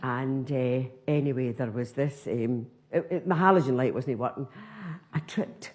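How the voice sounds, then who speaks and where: A woman's voice: a bass voice, normal speed, a little mellow. A woman with a Scottish accent telling a comic story as a stand-up monologue, broad and earthy, acting out other voices. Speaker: comedian.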